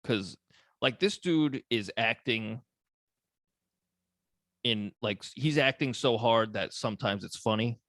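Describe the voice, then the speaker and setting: A man's voice: mid-range voice, slow, long pauses, fairly bright tone, no room sound, clean studio sound. A young man co-hosting a podcast, talking about a movie in laid-back, joking chat, laughing often and swearing freely. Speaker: podcast co-host.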